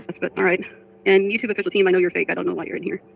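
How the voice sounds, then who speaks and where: A woman's voice: lowish voice, little pitch movement, very fast, vocal fry, a little hiss or hum. A woman livestreamer talking casually to her chat, frustrated, reading comments aloud. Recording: dull lo-fi stream audio.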